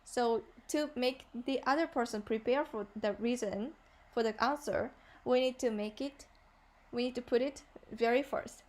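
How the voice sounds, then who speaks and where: A woman with a Japanese accent teaches a beginner class, her voice sitting a little high. She explains slowly and patiently, filling pauses with "uh" and repeating each example sentence. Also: darkish tone. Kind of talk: online language lesson.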